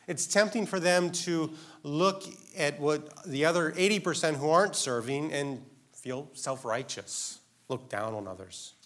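A man's voice: fairly high pitch, fairly bright tone. A man preaching a sermon in an earnest, emphatic way, asking his listeners direct questions.

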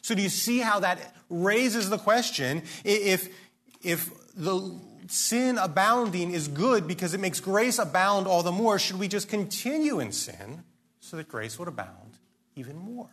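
A man's voice: sits high, lively intonation, measured pace, a bit bright. A man preaching a sermon, earnest and emphatic, often posing questions and restarting his sentences. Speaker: pastor.

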